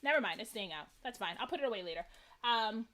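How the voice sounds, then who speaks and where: A woman's voice: on the high side, quick pace. A woman hosting a live crafting stream, chatting casually and animatedly to her viewers. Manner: chatty and animated, many fillers. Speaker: craft livestream host.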